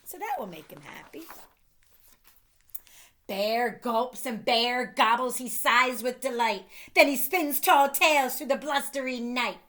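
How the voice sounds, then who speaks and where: Lady reading a kids book out loud, slow, bright voice, playful asides. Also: on the high side. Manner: playful, pausing to chat and laugh with young listeners. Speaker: storyteller reading to children. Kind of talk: children's picture book read-aloud.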